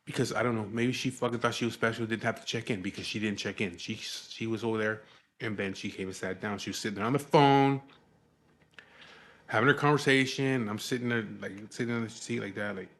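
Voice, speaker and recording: Male vlogger, lowish voice, rambling and profane, exasperated casual storytelling. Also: brisk, a bit bright.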